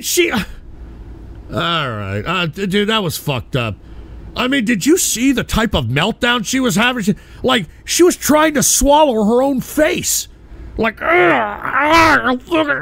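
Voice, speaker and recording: A man streaming live, commenting on a raid with mock concern and loud exclamations. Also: sits high, creaky. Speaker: streamer reacting to raids.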